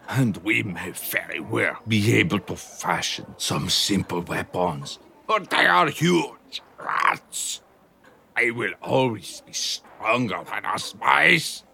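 Storybook role: a man playing a gravelly, fearful old mouse, slow delivery, bright edge. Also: mid-range voice, pitched above the performer's own voice, heavily acted. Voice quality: scratchy, gravelly. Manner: gloomy, cautious, pleading. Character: scratchy-voiced doubtful old male mouse.

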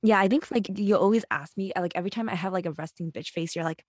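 A woman's voice: on the low side, fast, no room sound, studio quality. A woman co-hosting a podcast in casual chat, blunt and frank, swearing and using lots of fillers. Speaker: podcast co-host.

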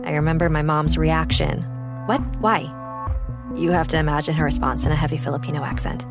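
A young woman from California's East Bay tells a personal story in a calm, reflective way. Her voice sits low for a woman. Music plays clearly in the background behind her. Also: fast talker. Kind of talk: first-person storytelling narration.

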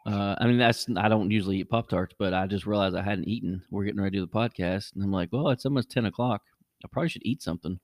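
A middle-aged man hosting a podcast, telling a casual story and jumping his voice up high when he acts out what people said. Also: fast talker, no room sound, clean studio sound. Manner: animated, jumps high when acting out quotes. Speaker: podcast host.

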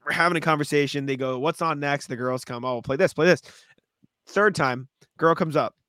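A man co-hosting a casual sports podcast, telling animated stories with plenty of swearing and laughter. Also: fairly high pitch, moderate pace, no room sound. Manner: animated storytelling, swears freely, laughs often. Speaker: podcast co-host. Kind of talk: casual chat.

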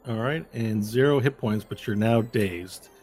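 A man's voice: on the low side, measured pace, darkish tone, soft background music. A man acting as game master, talking through moves and dice rolls step by step and correcting himself as he goes. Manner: explains rules step by step, with fillers and self-corrections. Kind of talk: narrating a tabletop game.

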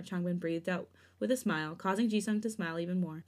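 A woman co-hosting a podcast, narrating fan fiction in a steady, even reading voice. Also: fairly low pitch, fairly quick. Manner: smooth, steady reading, giggly in chat. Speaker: podcast co-host.

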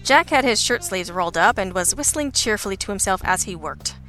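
A woman narrates a story in the first person with a dry, sardonic wit. Her voice is bright and forward, and faint music sits under the reading. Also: mid-range voice, expressive, fairly quick. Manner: wry and sardonic. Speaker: audiobook narrator.

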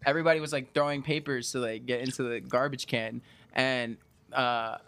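A young man telling a high school story in casual podcast chat, laughing often and acting out quotes. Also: normal speed, smooth. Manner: laughs often, animated retelling with acted quotes. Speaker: podcast co-host.

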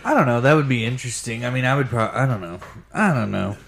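A man co-hosting a podcast in casual chat, joking and self-deprecating with quick asides. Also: mid-range voice, expressive, gravelly, noisy background. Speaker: podcast co-host.

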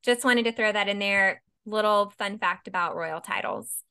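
A woman's voice: medium pitch, moderate pace, sharp tone, clean tone. A woman with an American accent co-hosting a podcast, casually sharing royal fun facts with listeners. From United States. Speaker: podcast co-host. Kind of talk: casual chat about royal news.

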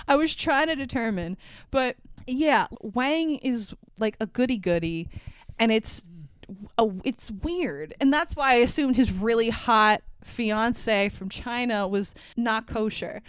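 A woman co-hosting a casual podcast, talking in an animated way, swearing freely and laughing often. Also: fairly high pitch, clear, resonant tone, no room sound. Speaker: podcast co-host. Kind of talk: casual chat about movies.

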